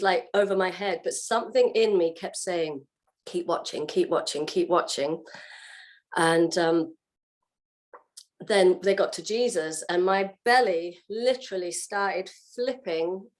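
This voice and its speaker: A woman, a guest on an interview show, telling her personal story in a casual way and acting out her own past reactions. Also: on the low side. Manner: animated, acts out what she said and felt. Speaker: guest sharing her testimony.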